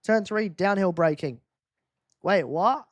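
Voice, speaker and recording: A man's voice: sits high, takes it slowly, no room sound. Aussie guy on a live stream reading quiz questions, jokey and teasing, dry close sound. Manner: teasing, joking chat with viewers. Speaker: streamer running a race quiz.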